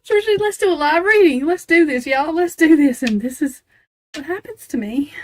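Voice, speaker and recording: A high-pitched woman hosting a live tarot reading, talking straight to her viewers in a loose, casual way. She sounds flustered and giggly, and laughter breaks into her lines as she goes. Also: expressive, normal speed. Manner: talks straight to viewers and chat. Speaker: tarot reader on a live stream.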